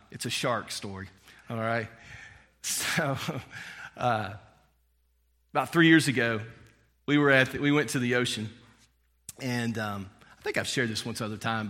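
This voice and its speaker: Male pastor, casual storyteller, forceful bright tone, reverberant church hall. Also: mid-range voice, moderate pace, pauses often. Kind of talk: sermon with personal story.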